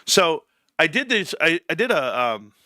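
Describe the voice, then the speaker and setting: Animated middle-aged man, bright. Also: measured pace, dry recording. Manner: animated storyteller, acts out quotes with big pitch jumps; laughs often, says bro a lot. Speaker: livestream host. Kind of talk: casual livestream chat.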